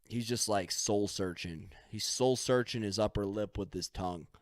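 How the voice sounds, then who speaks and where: A man's voice: lowish voice, moderate pace, no echo, clean studio sound. A man hosting a solo podcast, rambling loosely, swearing casually and making up stories as he goes. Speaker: podcast host.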